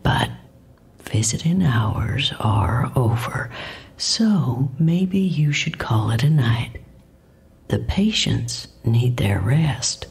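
A woman voicing a gentle, tentative male hospital nurse who speaks softly. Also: extremely low pitch, lively intonation, extremely slow, creaky, breathy edge, voice pushed down, heavily acted.

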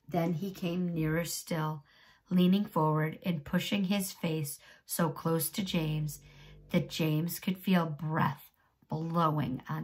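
A young adult woman teacher reading a chapter book aloud to her pupils in an expressive storytelling voice, then chatting to them with questions. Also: sits low.

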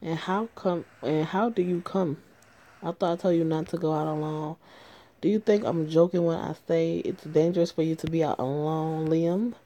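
A woman's voice: low voice, fairly even intonation, normal speed, warm tone, dull audio, close to an everyday voice. Woman reading as stern, protective young man. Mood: scolding. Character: protective, angry young man, scolding partner.

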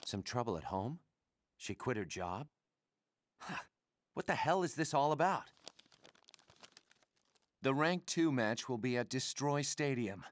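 A man's voice: mid-range voice, expressive, unhurried, pauses often, lightly acted. A man voicing a brash young game assassin, muttering. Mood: wry. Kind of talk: video game cutscene dialogue.

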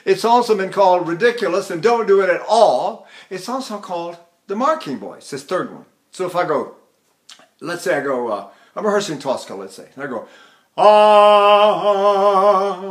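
An older man teaching vocal technique in a chatty, anecdotal lecture, turning to his students with asides and breaking off to sing bits of opera. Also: high voice. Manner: addresses students directly with frequent "see?".

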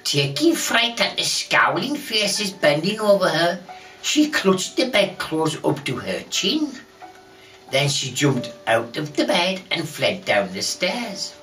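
A woman telling a children's bedtime story in a soft, lulling way, heard from a distance over soothing music. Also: lowish voice, sing-song, slow pace.

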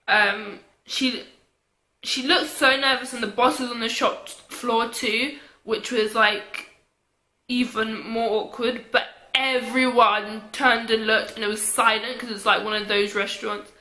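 A woman's voice: a little high, steady tone, a little slow, pushed and bright, echoey room. A young woman chatting casually, with lots of fillers, telling a story to camera. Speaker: vlogger.

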